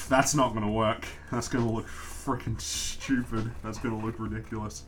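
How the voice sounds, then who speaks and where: A man's voice: on the low side, steady tone, moderate pace, fairly bright tone, slight background noise. A man with an Australian accent chatting casually on a livestream while he draws and answers questions from chat. He rambles, pokes fun at himself and laughs often.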